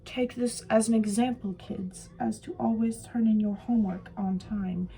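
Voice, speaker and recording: A young woman vlogging while she does special effects makeup, chatting casually and poking fun at herself, sometimes trailing off into soft mumbles. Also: mid-range voice, steady tone, normal speed, creaky, low-quality recording. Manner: chatty, self-mocking, drifts into soft mumbles. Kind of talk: rambling casual chat while doing makeup.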